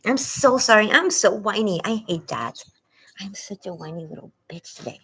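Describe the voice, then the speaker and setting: A woman with a sore throat chatting casually on a livestream from her front yard, soft, weary and apologetic. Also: medium pitch, expressive, moderate pace, husky. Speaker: livestream host.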